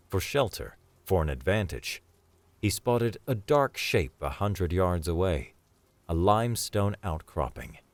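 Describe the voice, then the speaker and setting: A man narrating a scripted sci-fi story in a steady, dramatic storytelling manner. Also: deep voice, no room sound.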